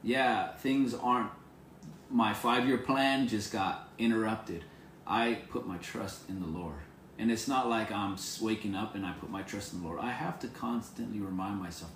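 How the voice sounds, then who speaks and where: Earnest pastor with a low voice. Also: male voice, normal speed, a bit bright, reverberant, slight background noise. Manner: earnest, repetitive, encouraging. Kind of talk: informal devotional sermon.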